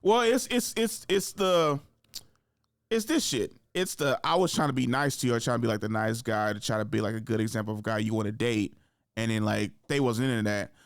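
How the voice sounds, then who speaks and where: A man's voice: mid-range voice, fairly quick, clean tone, dry recording, studio quality. A young man hosting a podcast, telling stories in a laid-back way, acting out quoted lines in a raised voice and laughing often. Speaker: podcast host. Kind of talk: casual chat.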